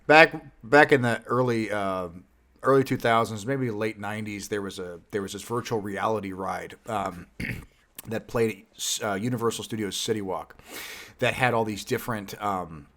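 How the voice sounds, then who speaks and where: A man's voice: lowish voice, normal speed, a bit bright. A man co-hosting a casual movie review podcast, rambling in a laid-back way. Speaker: podcast co-host.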